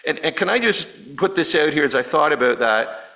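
On a low-quality recording, a pastor whose voice is a little high, pushed and bright delivers a sermon at a moderate pace. He's animated and conversational, frequently questions the audience, and restarts often.

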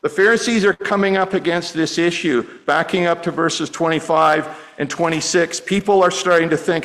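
A man's voice: fairly high pitch, moderate pace, hardly any pauses, a bit bright, poor audio. A middle-aged man preaching a sermon as pastor, conversational and often repeating words as he restarts.

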